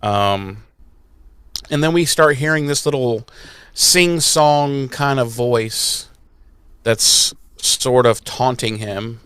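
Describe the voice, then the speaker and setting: A man's voice: medium pitch, slow pace, smooth, no echo, studio quality. A man co-hosting a podcast, recapping an episode in casual, jokey, profane chat. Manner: animated, jokey, profane, puts on silly voices. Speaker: podcast co-host.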